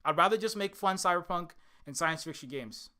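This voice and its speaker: Heated, high-voiced man ranting. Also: expressive, a little fast, smooth. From Hawaii. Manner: heated, profane, repeats himself, swings from shouting to weary. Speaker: indie game developer. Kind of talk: direct-to-camera angry rant.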